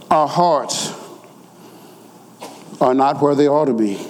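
A man preaching a sermon, swelling into near-shouted, sing-song emphasis. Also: mid-range voice. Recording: long hall reverb.

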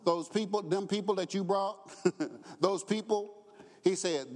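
High-voiced preacher in a reverberant hall. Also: male voice, normal speed. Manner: rising to shouted preaching, acts out quotes, chuckles. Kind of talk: sermon.

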